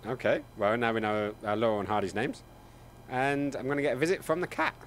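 A man's voice: medium pitch, brisk, slight background noise. A man casually commentating a game on a live stream from a home desk mic, chatty and playful. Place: home room. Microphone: desk microphone.

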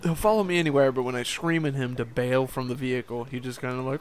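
A man's voice: mid-range voice, fast, few pauses. A young man giving casual, profane let's-play commentary over a game, rambling and laughing at himself. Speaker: gameplay commentator.

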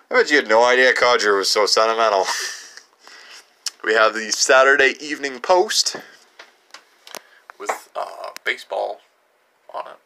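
A man's voice: medium pitch, lively intonation, a little slow, vocal fry, pauses often, sharp tone, slight background noise. A young man showing viewers around his home workshop, rambling through stories and chuckling as he goes. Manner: rambling storyteller with frequent chuckles. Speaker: channel host. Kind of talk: casual workshop tour narration.

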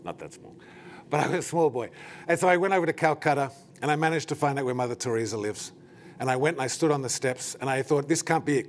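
Guy ceo telling a story at a talk, lots of "like" and "right?", faint hum in the background. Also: medium pitch. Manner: animated, anecdotal, frequent "like" and "right?". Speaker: company CEO giving a presentation.

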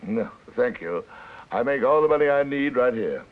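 In a dull old film soundtrack, a man with a mid-range, animated voice speaks at normal speed, close to his everyday tone. He plays a mild, plainspoken grandfather of retirement age in a 1950s film, proud, gentle, and firm, and his mood here is firm.

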